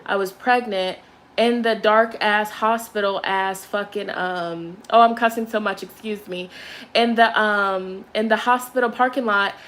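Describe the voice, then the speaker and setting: A young tarot reader with a mid-range voice speaks unhurriedly. She chats casually and animatedly, telling a story laced with swearing before doing a candle ritual.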